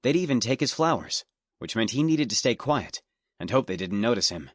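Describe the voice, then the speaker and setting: In this studio recording, a male narrator delivers a scripted fantasy audiobook at an even, deliberate storytelling pace. He speaks at medium pitch, and the studio mic picks up no room sound.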